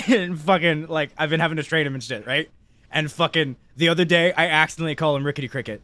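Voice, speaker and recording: A man's voice: a little high, fast, bright, forceful tone, no room sound. A young man co-hosting a podcast, telling a rambling, profane story with laughs mixed in. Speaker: podcast co-host. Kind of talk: casual storytelling chat.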